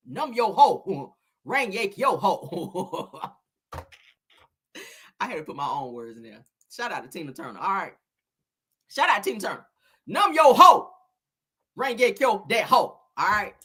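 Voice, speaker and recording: A woman hosting a casual live commentary stream, loud and laughing, swearing and throwing in dramatic exclamations. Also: fairly high pitch, slightly rough. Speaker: commentary livestream host.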